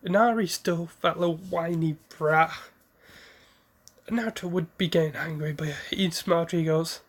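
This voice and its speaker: A man's voice: on the high side, steady tone, a little slow. A man casually retelling a fan story in a rambling, self-correcting way.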